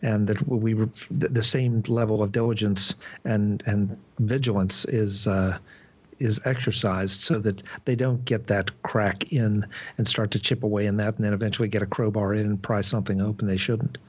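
A man's voice: on the low side, steady tone, normal speed, breathy edge, dull audio. A man on a tech podcast panel who stumbles and restarts as he builds up a thought. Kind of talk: casual tech discussion.

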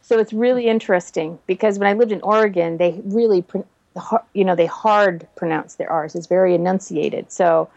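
A woman's voice: lowish voice, fairly quick, gravelly, darkish tone, lo-fi sound. A woman from Massachusetts in casual conversation as a podcast co-host, chatty and repeating words as she gets going. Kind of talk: casual chat.

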